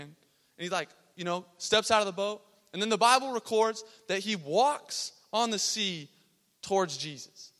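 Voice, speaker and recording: Young man, youth sermon, high bright voice, laid-back slang, long hall echo. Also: moderate pace. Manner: casual slangy storytelling, acting out quotes. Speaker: youth pastor. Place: large hall with a youth congregation.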